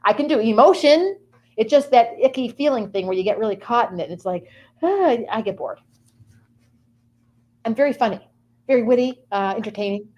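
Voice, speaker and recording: A woman's voice: a little high, animated, normal speed, pauses often, darkish tone, lo-fi sound. A woman guest delivering a playful, rambling comic monologue in character, with sing-song asides.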